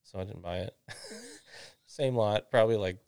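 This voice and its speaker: A man, a realtor guest, telling casual animated stories and swearing freely. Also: fairly low pitch, moderate pace, clear, resonant tone. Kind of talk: casual storytelling chat.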